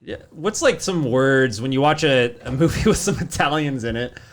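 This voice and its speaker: A man's voice: mid-range voice, moderate pace, slight background noise. A man hosting a casual podcast from his basement, playfully quizzing his guest. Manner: playful quizzing, lively up-and-down delivery. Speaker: podcast host. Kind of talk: casual chat. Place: home basement.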